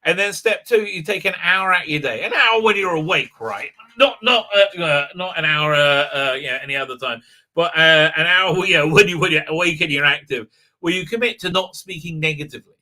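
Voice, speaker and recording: A man's voice: on the high side, a little fast, bright, forceful tone. A man hosting a casual live stream, talking in a rambling way with many fillers, restarts and frequent laughs. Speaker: livestream host.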